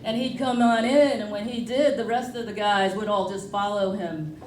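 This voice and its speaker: A woman's voice: mid-range voice, steady tone, moderate pace, slight background noise. A woman doing a rambling, self-mocking stand-up comedy set at a brewery comedy night. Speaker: stand-up comic. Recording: echoey room, from far off.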